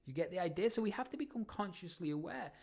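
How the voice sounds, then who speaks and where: A man hosting a motivational podcast, coaching listeners with energetic questions. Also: high voice, fast, vocal fry, husky. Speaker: podcast host.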